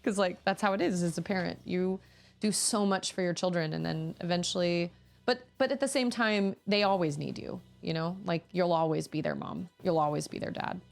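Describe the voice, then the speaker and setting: A woman's voice: on the low side, normal speed, gravelly. A woman in her thirties, a streamer, chatting casually and rambling with her viewers. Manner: rambling, chatty, with frequent restarts and laughter.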